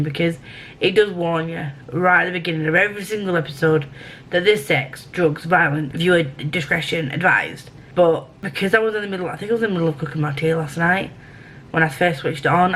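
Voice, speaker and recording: A woman's voice: lowish voice, fast, fairly bright tone, slight background noise, rough recording. Chatty woman rambling to camera. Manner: chatty, rambling, self-interrupting. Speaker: book vlogger. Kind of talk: casual chat to camera.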